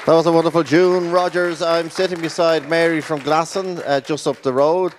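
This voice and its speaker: An Irish man hosting a live show, slightly high-pitched. He chats with guests in a jokey way, often tripping over his words. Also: steady tone, normal speed, some chatter behind, a little hiss or hum. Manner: jokey, stumbling banter. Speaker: host. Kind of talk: live radio show chat.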